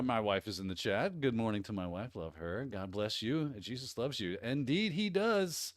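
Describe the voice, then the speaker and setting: An upbeat man from the American Midwest hosts a casual livestream chat, rambling cheerfully and greeting viewers by name. His pitch swings freely up and down. The sound is dry and close to the mic. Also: big pitch swings, normal speed, hardly any pauses, dry recording. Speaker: host.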